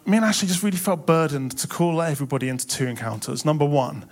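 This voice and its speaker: A man's voice: fairly high pitch, fast. A young man preaching a sermon in a church, impassioned and building to emphatic swells.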